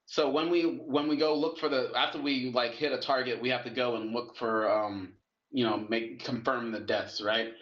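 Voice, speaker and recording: A man chatting loosely and profanely, with a middle-pitched voice. He slows and stumbles over heavy subjects. The recording is lo-fi and echoey, as if from a bare room. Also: fairly even intonation, fairly bright tone. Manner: loose, profane, talks while eating and moving around; slow and halting on heavy topics. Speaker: guest in a conversation. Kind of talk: casual chat. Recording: dull lo-fi, roomy echo.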